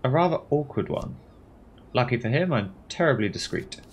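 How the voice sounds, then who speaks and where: A man's voice: mid-range voice, expressive, normal speed, slight background noise, voice pushed up, close to an everyday voice. A man voicing a sly, gossipy genteel older woman who talks in a prim, confiding sing-song.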